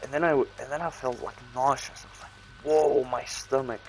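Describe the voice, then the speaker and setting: A man's voice: medium pitch, slight background noise, low-quality recording. A young man telling a casual story, rambling, with slang and many restarts, briefly acting out the voices in it. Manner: acts out his own and others' lines in quick bursts.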